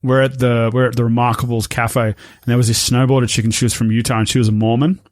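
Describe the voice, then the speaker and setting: A man talking loosely as a podcast guest, cursing freely and wandering from story to story. His voice is mid-pitched and sits close and dry, with no room sound around it. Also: flat delivery, fast talker, dry recording. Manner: swears a lot, rambling storyteller. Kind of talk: casual chat.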